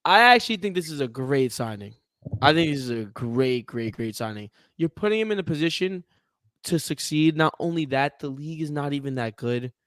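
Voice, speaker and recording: A man's voice: on the high side, brisk, no echo, clean studio sound. A man co-hosting a podcast, chatting casually and animatedly about sports, with lots of fillers and jokes. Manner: animated, jokey, hesitant with fillers. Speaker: podcast co-host.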